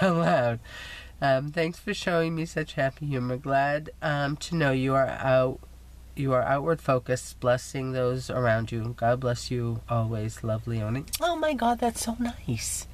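A scrapbooking vlogger shows off crafting mail in a casual chat, gushing and teasing herself while she recovers from an illness and coughs. Her rumbling low voice is expressive and moves at normal speed.

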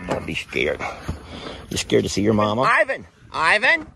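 A man vlogging outdoors by a creek, excitable and often shouting to his animals. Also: extremely high pitch, moderate pace, creaky, noisy background. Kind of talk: casual outdoor vlog.

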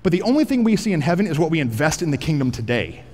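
A pastor preaching a sermon on a headset mic in a large church auditorium, energetic and joking, rising to shouts for emphasis. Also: male voice, a little high, rapid-fire, big-room sound.

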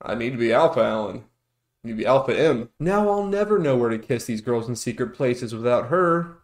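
A man's voice: medium pitch, lively intonation, moderate pace. A man doing sarcastic, profane comedic commentary on a video, ranting in mock outrage and mock awe. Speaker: commentary youtuber. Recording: echoey room with music underneath.

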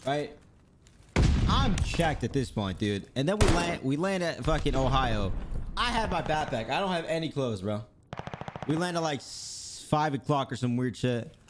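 A man's voice: on the high side, normal speed, noisy background. A young man streaming while gaming, casually telling a rambling, profane story about his day. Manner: profane, rambling, animated retelling. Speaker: pro gamer streamer.

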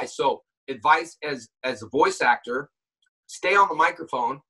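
A man in casual chat as a guest actor, telling animated stories and acting out shouts and quoted lines, heard over a call. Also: a little high, fairly quick, husky, distant mic, rough recording. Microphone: phone call.

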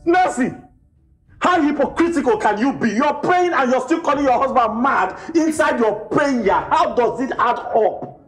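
A man doing a Nigerian husband, exasperated, lecturing, animated pitch, light music. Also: moderate pace. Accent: Nigerian English. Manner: exasperated, repetitive, sermonizing. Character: irritable husband Boma, tired after work. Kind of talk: Nollywood film acting. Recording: echoey room with music.

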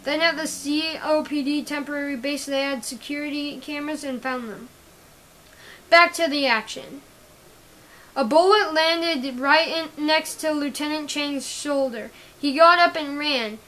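A woman's voice: high voice, fairly bright tone, poor audio. A woman reading her own action story aloud, stumbling and correcting herself often. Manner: halting, often restarting and correcting words. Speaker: story reader.

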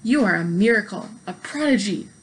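A woman voicing an earnest, fussy older gentleman who speaks properly and emphatically in a storybook reading. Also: mid-range voice, animated, normal speed, a little hiss or hum, close to an everyday voice, low-quality recording.

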